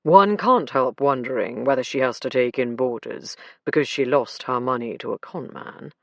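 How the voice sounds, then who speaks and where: A woman voicing a calm, dry male chief inspector in an audiobook. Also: very deep voice, normal speed, creaky, dry recording, voice pushed down.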